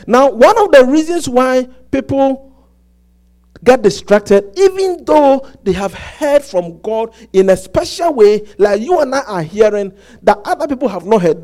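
A high-voiced man preaching to his congregation. He talks in halting bursts with many restarts and keeps asking whether they get it. The telling is animated and insistent. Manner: repetitive, asks the congregation "Do you get it?". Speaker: pastor. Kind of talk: sermon.

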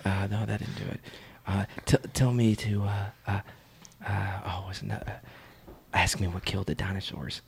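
A man's voice: low-pitched, flat delivery, normal speed, creaky, slight background noise. A man calling in, eager and stammering, giggling as he asks for requests. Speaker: caller. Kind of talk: comedy sketch.

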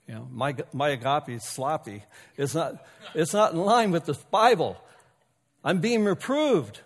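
A man's voice: on the high side, expressive, a little slow, pauses often, in a large hall. A male pastor delivering a sermon in a folksy, conversational way, joking with and calling out to his congregation. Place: church sanctuary.

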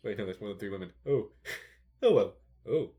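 A man's voice: lowish voice, animated, brisk, warm tone. A man chatting casually with friends on a podcast, rambling through stories and laughing often. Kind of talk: casual chat.

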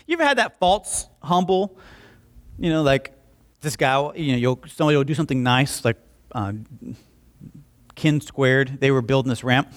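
A young man, a pastor, preaches a sermon in a lively, story-driven style. His voice is high and swings widely in pitch as he acts out what people said, telling jokey stories full of performed quotes.

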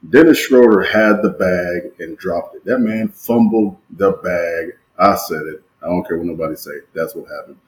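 A man's voice: sits low, normal speed, hardly any pauses, poor audio. A man co-hosting a sports podcast in casual chat, slangy and emphatic, repeating phrases for effect. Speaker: podcast co-host.

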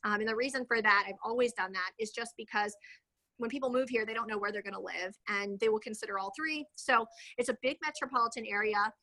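A woman's voice: on the high side, fast, bright, forceful tone, poor audio. A woman in her thirties, a real estate agent guest, talking casually in an interview, chatty and rambling with many fillers.

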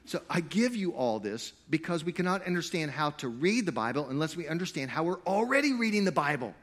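A man preaching a sermon to a live congregation. He swings between loud, emphatic stretches and quiet asides, and he jokes with the crowd. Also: a little high, sing-song, brisk. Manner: playful, jokey with the crowd. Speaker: pastor.

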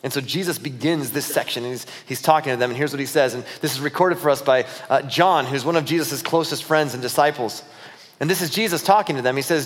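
Man, pastor, sermon, storytelling, acts out dialogue, slightly high voice, long hall reverb. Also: fairly quick. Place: church auditorium.

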